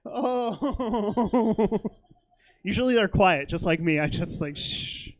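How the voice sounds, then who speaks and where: High-voiced self-deprecating comedian man. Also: animated, normal speed. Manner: self-deprecating, rambling with many fillers. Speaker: stand-up comedian. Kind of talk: stand-up comedy set. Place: comedy theater stage.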